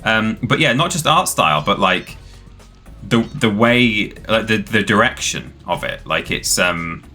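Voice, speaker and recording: A man's voice: fairly low pitch, expressive, unhurried, bright, forceful tone. A man hosting a live stream, giving chatty, rambling, enthusiastic commentary on the game he plays. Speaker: streamer host. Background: faint game music.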